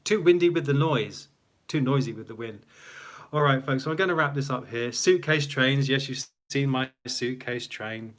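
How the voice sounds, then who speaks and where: A man's voice: medium pitch, normal speed, a bit bright. A man hosting a casual live stream from a small room at home, chatty and rambling, laughing often at himself. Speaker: livestream host.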